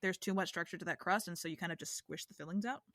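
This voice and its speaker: A woman's voice: lowish voice, fast, a bit bright, no room sound, studio quality. A woman from the New York area co-hosting a podcast, chatting animatedly with frequent restarts and laughs. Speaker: podcast co-host. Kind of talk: casual chat.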